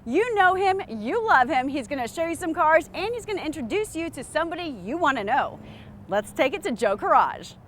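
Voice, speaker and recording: A woman's voice: high voice, very animated, fairly quick, a bit bright, a little hiss or hum. A woman co-hosting a car sales show, giving an upbeat, promotional introduction.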